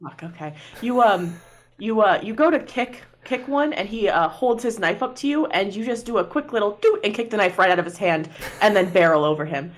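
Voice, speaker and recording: A woman's voice: medium pitch, lively intonation, a little fast. Woman GM, casual tabletop narration, easygoing and profane. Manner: casual, laughing, swearing. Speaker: game master.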